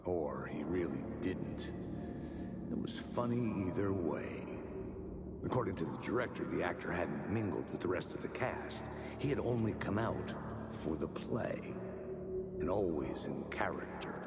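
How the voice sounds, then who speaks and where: Brooding, gravelly game narrator. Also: male voice, low voice, animated, a little slow, exaggerated voice. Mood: wry. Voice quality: dry, wry, gravelly. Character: wry, brooding male writer-detective narrator. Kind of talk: scripted inner-monologue narration. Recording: game audio under loud noise.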